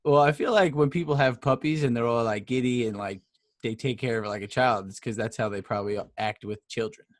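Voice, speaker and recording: A man's voice: mid-range voice, fairly quick, dry recording. Teasing New man, dry close sound. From New York. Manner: joking, teasing banter. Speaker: podcast co-host. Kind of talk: casual chat.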